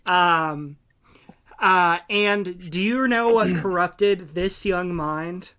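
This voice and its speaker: A young man with a bright, forceful voice, talking excitedly on a casual podcast. He rambles into tangents and fills gaps with ums and uhs. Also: high voice, very slow. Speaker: podcast co-host. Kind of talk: casual chat.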